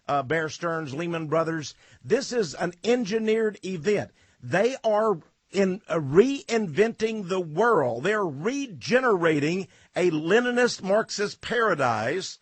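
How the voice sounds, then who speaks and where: A man on a talk radio show as a studio guest, with a husky voice pitched a little high. He speaks emphatically and with indignation, hammering key words by repeating them.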